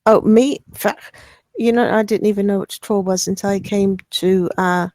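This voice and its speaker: A woman on a voice chat talks in a mid-range voice, halting and unsure as she searches for words. The sound is dry and close. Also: mid-range voice, steady tone, a little mellow, no room sound. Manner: hesitant, halting. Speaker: participant in a voice chat. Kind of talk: casual voice chat.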